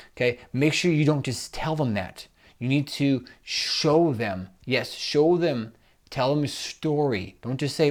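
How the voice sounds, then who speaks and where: A man gives direct interview coaching to camera in a steady, middle-pitched voice. He drives his points home with repeated instructions. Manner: direct, instructive, repeats "make sure" and "all right". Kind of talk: recorded coaching summary.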